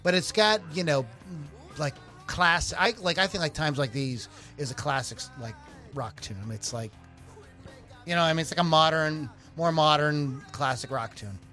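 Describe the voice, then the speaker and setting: A man's voice: a little high, lively intonation, normal speed, bright, forceful tone, faint music behind. A man from Philadelphia co-hosting a rock podcast, chatting casually in a rambling way full of fillers and false starts. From Philadelphia, USA. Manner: rambling, filler-heavy and self-interrupting. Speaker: podcast co-host. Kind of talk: casual chat.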